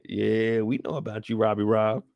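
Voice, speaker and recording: A man hosting a casual live recap of a series, talking in an animated, slangy, playful way. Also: lowish voice, normal speed, gravelly, no echo, lo-fi sound. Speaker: show host recapping a series.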